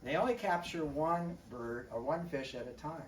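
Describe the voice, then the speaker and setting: A man gives an animated nature lecture in an echoey room, heard from a distance. He talks conversationally, tosses questions at his listeners and clears his throat now and then. Faint background noise sits under his voice. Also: a little high, moderate pace. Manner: conversational, quizzes the audience. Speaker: wildlife biologist giving a public talk. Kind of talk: lively illustrated lecture to an audience.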